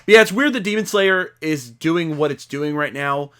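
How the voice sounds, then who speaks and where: Young man, podcast co-host, casual chat, excitable, slightly high voice. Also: moderate pace. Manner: excitable, shouting when retelling his reactions.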